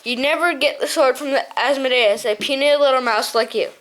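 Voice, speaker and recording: A woman's voice: high voice, a little fast, fairly bright tone. Woman doing a pompous male owl captain. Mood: haughty. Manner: huffy, haughty, laughs at others.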